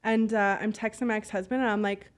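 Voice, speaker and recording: A woman telling stories in a casual interview, blunt and animated, swearing freely and filling her talk with "like". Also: mid-range voice, fast talker. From Canada. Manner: fillers and acted-out dialogue. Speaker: podcast guest, business owner.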